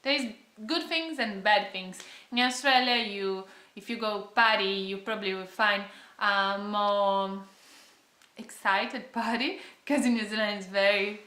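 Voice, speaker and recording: Young Brazilian-accented woman, casual vlogger who hunts for words, bright voice recorded in a roomy, echoing space. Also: mid-range voice, a little slow. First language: Portuguese. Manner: chatty, searching for words, frequent fillers. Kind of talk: casual chat to camera.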